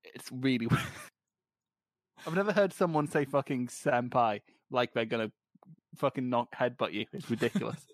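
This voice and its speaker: A man with a light Scottish accent, co-hosting a podcast in casual chat, ranting with plenty of swearing and quick laughs. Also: medium pitch, no echo. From Scotland. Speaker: podcast co-host.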